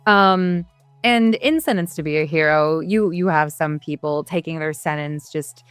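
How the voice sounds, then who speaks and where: A woman's voice: sits low, unhurried, clean tone, no room sound, faint music behind. A woman voice actor answering interview questions in a thoughtful, hesitant way, with many fillers and restarts. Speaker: voice actor guest.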